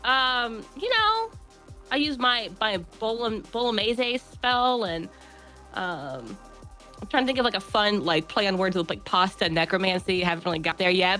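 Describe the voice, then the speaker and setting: A woman's voice: medium pitch, animated, moderate pace, bright, forceful tone, faint music behind, poor audio. A woman chatting as a guest player, playful and giggly. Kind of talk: casual chat.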